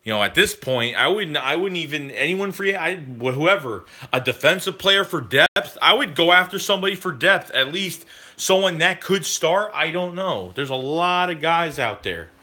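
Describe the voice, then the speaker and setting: A man's voice: fairly high pitch, lively intonation, normal speed, sharp tone. A man streaming live, talking with chat in a heated, profane rant about football.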